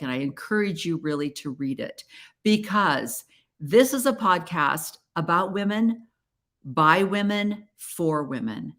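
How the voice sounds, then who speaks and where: A woman's voice: lowish voice, fairly bright tone. A woman hosting a podcast, talking in an earnest, chatty and encouraging way. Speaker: podcast host. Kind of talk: casual solo podcast talk.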